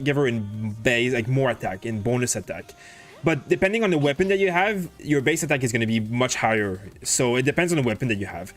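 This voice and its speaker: This is casual play-by-play from a male streamer whose medium-pitched voice has a touch of brightness. He muses aloud over his game and responds to viewers' chat questions, leaning heavily on filler words.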